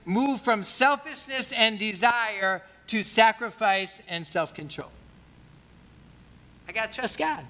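Bright-voiced preacher man in a reverberant hall. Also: high voice, slow. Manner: conversational, asks the congregation questions. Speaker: pastor. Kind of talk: sermon.

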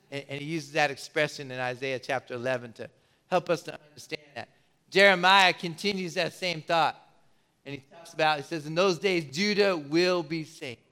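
A man's voice: a little high, sharp tone. A man preaching a sermon as pastor, emphatic and given to repeating words as he builds his points. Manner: emphatic, repeats words, acts out quoted voices.

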